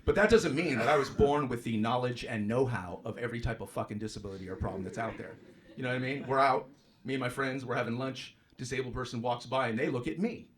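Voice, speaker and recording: A male stand-up comedian doing a profane, brash set on stage, jumping into loud mocking voices for punchlines. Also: medium pitch, fast talker, crowd noise. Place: comedy club stage with live audience. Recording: live club recording with audience noise.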